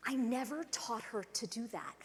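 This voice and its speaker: A woman giving a conference talk, telling a personal story in an animated way and acting out the voices of the people in it. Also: a little high, normal speed. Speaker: conference speaker. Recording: echoey hall with long reverb.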